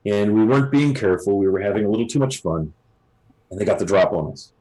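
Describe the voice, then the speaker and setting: A male hunter recounting an old adventure, as a man puts him on in a tabletop game. His low, husky voice builds the tale dramatically with pauses. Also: lively intonation, dark tone, poor audio. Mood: dramatic.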